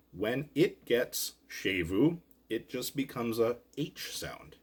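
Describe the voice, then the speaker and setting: Guy doing a slow, chatty grammar lesson, kinda husky, voice goes up and down a lot. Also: fairly low pitch. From Ireland. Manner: chatty, patient, asks and answers own questions. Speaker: language teacher. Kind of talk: explaining grammar to camera.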